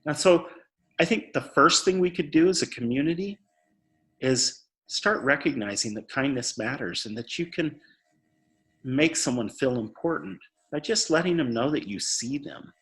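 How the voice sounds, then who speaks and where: A man's voice: mid-range voice, a bit bright. A man speaking earnestly in an interview, telling a story and often repeating words as he stresses a point. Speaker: suicide prevention speaker.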